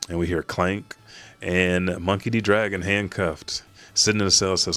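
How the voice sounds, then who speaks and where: A man hosting a live reaction to a manga chapter. He recaps it in an excited, profane and rambling way. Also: low voice, moderate pace, no room sound.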